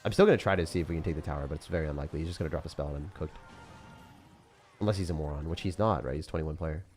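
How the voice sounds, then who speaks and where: A man's voice: rumbling low, very fast, a little mellow. A young man giving loose, jokey live commentary on his gameplay as a streamer, full of slang and sudden outbursts. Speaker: gaming streamer.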